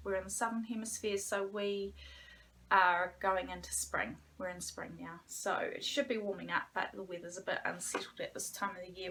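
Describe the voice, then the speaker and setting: A chatty New Zealand woman in her forties talks through her own podcast from home, her voice bright and a little sharp. She rambles freely, with plenty of ums along the way. Now and then she sinks into a hushed, almost whispered aside. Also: medium pitch, a little hiss or hum. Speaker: podcast host. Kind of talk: casual solo podcast chat.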